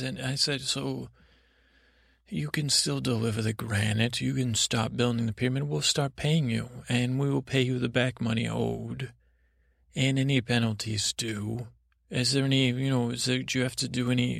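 Telling a bedtime story almost without inflection, this podcast host speaks in a mid-range voice that is deeply gravelly and laden with fry. His telling wanders and trips over restarts and side comments, captured close and dry with no echo at all.

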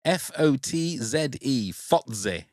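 A man's voice: medium pitch, animated, slow pace, a little mellow, dry recording, clean studio sound. A man hosting a casual podcast quiz, reading out words, spelling them letter by letter and laughing often. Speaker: podcast host.

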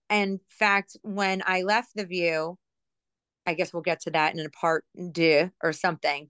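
A woman's voice: fairly low pitch, fairly bright tone, clean tone, no echo. A middle-aged woman, a former TV producer, telling rambling, self-mocking stories as a guest in a casual interview. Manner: chatty, rambling, self-mocking, lots of asides and fillers. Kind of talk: casual storytelling in a podcast interview.

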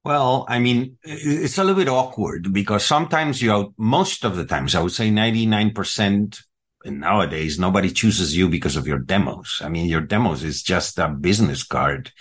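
Low male voice from Latin America, candid panel guest who acts out exchanges. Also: moderate pace, a bit bright, slightly rough. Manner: candid, anecdotal, acts out dialogue. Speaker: voice actor panelist. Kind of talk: panel discussion.

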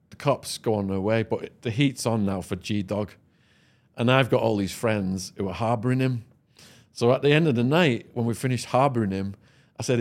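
A man's voice: medium pitch, darkish tone. An Englishman on a podcast, telling a vivid, profane story and laughing as he goes. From England. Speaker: podcast guest. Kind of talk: storytelling anecdote.

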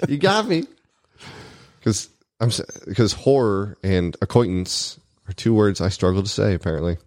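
Low-voiced man joking around with friends. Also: moderate pace, darkish tone, dry recording, clean studio sound. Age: adult, married. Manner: jokey, laughs often, self-mocking. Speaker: podcast co-host. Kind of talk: casual banter.

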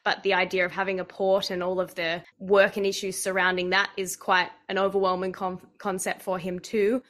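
A woman hosts a podcast interview at a middle pitch. She asks her questions gently and supportively. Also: level tone, normal speed. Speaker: podcast host.

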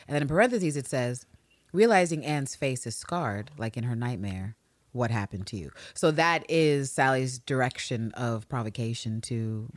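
A woman co-hosting a casual podcast, animated and quick to laugh, swearing freely as she talks. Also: rumbling low, no room sound. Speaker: podcast co-host.

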